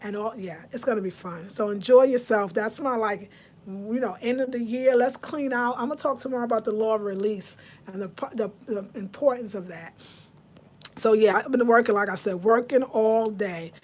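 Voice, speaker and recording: Woman, fifties, casual livestream chat, reads viewer comments, slightly high voice. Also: moderate pace, darkish tone. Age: 50s. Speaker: livestream host.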